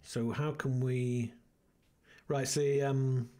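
A man's voice: medium pitch, little pitch movement, drawn-out words, mellow. A man hosting a let's play, muttering and thinking aloud as he plays, rambling with restarts. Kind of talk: casual gameplay commentary.

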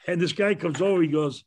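An older man with a Brooklyn accent, a talk show guest telling long, rambling stories and laughing often. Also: fairly high pitch. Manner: rambling anecdotes with frequent laughter. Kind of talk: casual storytelling.

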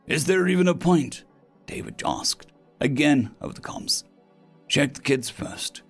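A man's voice: fairly high pitch, animated, a little slow, gravelly, breathy edge, faint music behind, exaggerated voice. A man voicing a weary, wounded male space marine corporal who speaks in short, clipped commands.

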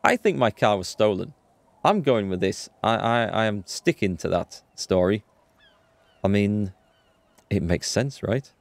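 Brief: male gaming host, lower voice, dry close mic, self-mocking chatter. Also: animated, measured pace, vocal fry, dry recording. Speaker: let's play host. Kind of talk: gameplay commentary.

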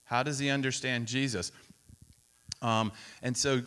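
A man preaching to a camp crowd, telling a story with lively acted-out quotes and sudden drops to a whisper. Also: mid-range voice, unhurried, clean tone. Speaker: speaker at a youth camp. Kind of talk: storytelling sermon. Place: camp meeting hall.

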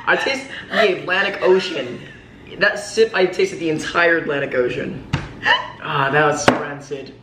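A man's voice: on the high side, a little slow, background noise. A man bantering warily and wryly as a friend tricks him on camera. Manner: wry and wary. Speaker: prank target. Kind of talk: casual banter. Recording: echoey room with clattering dishes.

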